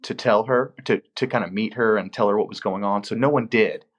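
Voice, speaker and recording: A man who works as a film location manager shares work stories in a casual interview, speaking a little fast in a lowish voice. He's an animated storyteller who acts out the voices of the people he quotes.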